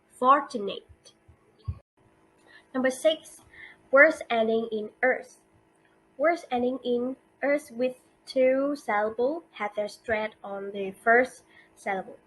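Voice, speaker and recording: A woman giving a class presentation, reading carefully and slowly with some non-native grammar slips. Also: a little high, fairly bright tone, slightly rough, poor audio. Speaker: student presenter. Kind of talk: class presentation on word stress.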